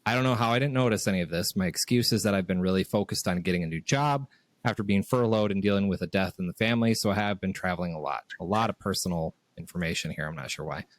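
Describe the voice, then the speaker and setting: A man's voice: deep voice, quick pace, no room sound. A man co-hosting a comedy podcast, reading out an online post in a dry, matter-of-fact way. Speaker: podcast co-host.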